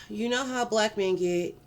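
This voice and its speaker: A woman tells a personal story in a casual vlog. She is animated and swears freely, stretching words out for dramatic effect. Her voice sits at an ordinary pitch for a woman. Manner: animated, profane, dramatic drawn-out emphasis. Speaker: vlogger.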